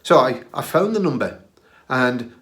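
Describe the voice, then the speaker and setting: A man's voice: mid-range voice, very animated, a little slow, a bit bright. A middle-aged man with a British accent hosting his own show, telling stories from his career in a chatty, self-deprecating way with plenty of "uh"s and restarts. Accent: British English. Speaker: podcast host recounting his career. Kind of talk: casual storytelling.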